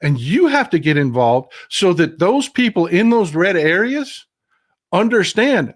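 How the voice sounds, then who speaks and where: A man's voice: sits high, sing-song, a little slow. A man hosting a livestream talk show, earnestly explaining his views and questioning his guest. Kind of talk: conversational interview.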